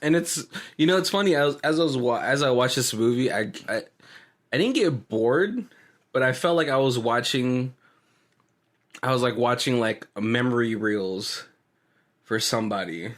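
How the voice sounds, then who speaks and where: Animated laughing man co-hosting. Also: medium pitch, normal speed. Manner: animated, laughs often, many restarts. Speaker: podcast co-host. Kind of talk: casual movie commentary chat.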